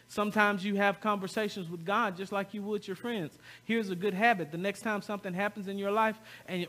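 A man's voice: sits high, fairly bright tone. A male pastor preaching a sermon, often repeating words and calling on the congregation to respond.

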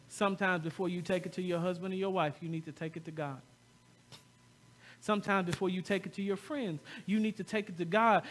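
Bright-voiced man preaching a sermon. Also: high-pitched. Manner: repeats words, calls on the congregation to respond. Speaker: pastor.

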